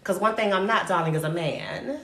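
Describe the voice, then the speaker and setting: A woman's voice: lowish voice, moderate pace. A woman hosting her own livestream, delivering a brash, profane, sassy rant to viewers and calling everyone darling. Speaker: livestream host. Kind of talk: live-stream rant to viewers. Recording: roomy echo, faint noise.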